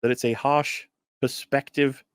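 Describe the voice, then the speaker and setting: A man's voice: medium pitch, flat delivery, unhurried, smooth, no echo, studio quality. A man on a podcast panel, talking in an exasperated, mocking way and often laughing. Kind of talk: heated casual panel chat.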